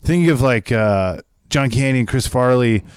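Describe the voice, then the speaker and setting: Brief: relaxed male podcast co-host, smooth clear tone, mid pitch, easygoing ramble. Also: normal speed, dry recording, clean studio sound. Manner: laid-back, rambling, lots of "dude" and "like". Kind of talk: casual comedy podcast chat.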